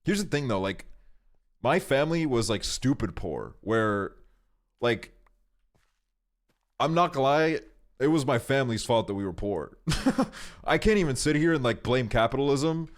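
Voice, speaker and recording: A man's voice: mid-range voice, lively intonation, normal speed, pauses often. A young man streaming, telling long stories in rambling casual chat full of fillers and swearing. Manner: rambling, profane storytelling with frequent fillers.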